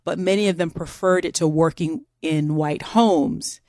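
A woman co-hosting a podcast in animated casual chat, laughing often and digressing freely. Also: sits low, moderate pace, no room sound, clean studio sound. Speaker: podcast co-host.

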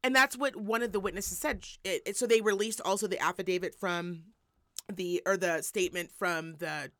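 A woman hosting a podcast, telling gossip in a casual, animated, profane way. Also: mid-range voice, normal speed, no echo, studio quality. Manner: animated, profane storytelling with laughs. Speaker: podcast host.

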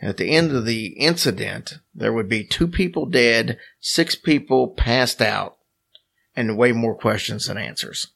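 This podcast co-host is a man reading a story off his notes and slipping in wry jokes. His pitch is ordinary, though his voice has a gravelly rasp and a fairly bright tone, and he talks a little slowly.

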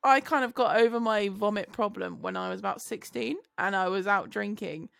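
A woman's voice: mid-range voice, moderate pace, gravelly, a bit bright, no echo, studio quality. A woman co-hosting a podcast, telling stories casually, laughing often and swearing lightly. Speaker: podcast co-host. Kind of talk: casual chat.

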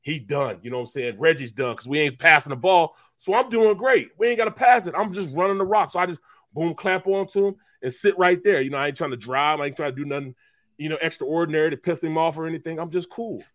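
Middle-aged ex-player co-host, slangy and emphatic, slightly high voice, dry close sound. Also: male voice, fast, no echo. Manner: animated, emphatic storyteller, slangy. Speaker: co-host, former pro football player. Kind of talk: sports talk show storytelling.

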